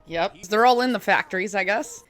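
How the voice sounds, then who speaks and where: A woman's voice: medium pitch, a little fast, a bit bright. Young woman, casual reaction commentary, chatty, laughs often, lots of questions. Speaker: reaction vlogger.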